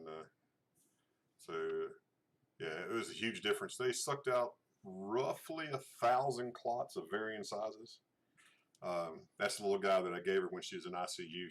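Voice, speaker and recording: A middle-aged channel host with a drawl talks casually to viewers while showing photos on his livestream. His voice is deep and low yet fairly bright, and he rambles hesitantly, restarting sentences and filling gaps with "uh" and "so."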